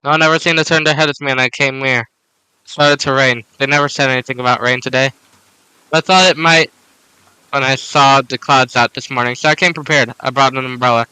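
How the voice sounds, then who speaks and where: A young man reading a story game's dialogue aloud in an even, unhurried way at his desk mic. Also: mid-range voice, clean tone, no room sound. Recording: noisy home recording.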